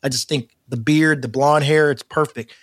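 A man co-hosting a podcast in casual chat, animated and rambling, with frequent laughs. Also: fairly high pitch, moderate pace, no echo, clean studio sound. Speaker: podcast co-host.

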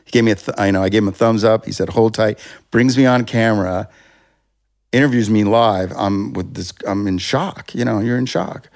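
A music producer rambles through a lengthy story during a relaxed interview, cutting himself off and performing other people's lines. He speaks fairly quickly in a lowish, creaky voice.

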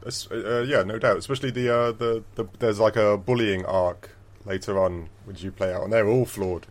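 A man's voice: on the low side, fairly even intonation, moderate pace. A man co-hosting a casual podcast, laughing often and repeating words as he talks. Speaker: podcast co-host. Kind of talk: casual chat.

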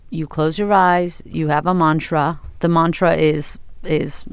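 Low-voiced teasing woman co-host. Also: steady tone, unhurried, clear, resonant tone, no room sound. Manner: teasing, jokey banter. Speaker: podcast co-host. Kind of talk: casual podcast chat.

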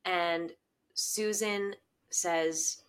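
A young woman co-hosting a casual recap chat, eager and agreeable, quick to chime in. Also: on the low side, steady tone. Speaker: podcast co-host.

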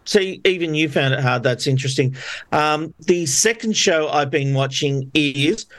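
A man hosting a podcast in casual chat, chatty and quick to laugh. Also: on the high side, fairly bright tone. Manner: chatty, laughs easily, restarts often. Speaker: podcast host.

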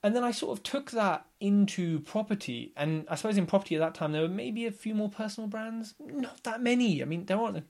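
Brief: man in his thirties, a podcast guest with a slightly higher voice, lively and chatty, acts out quotes. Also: fairly quick, gravelly, few pauses. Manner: animated storyteller, acts out others' lines. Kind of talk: casual podcast chat.

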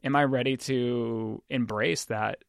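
A man talks as a podcast guest in a mid-range voice, thinking out loud in a rambling, reflective way. He uses plenty of filler words, and the sound is dry and close. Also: medium pitch, fairly even intonation, takes it slowly, gravelly, dry recording. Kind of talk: casual chat.

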